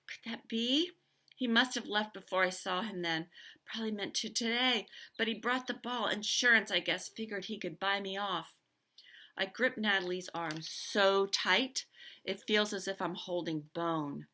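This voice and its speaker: Expressive woman reading a novel aloud. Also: medium pitch, measured pace. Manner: expressive, stops to comment on the story.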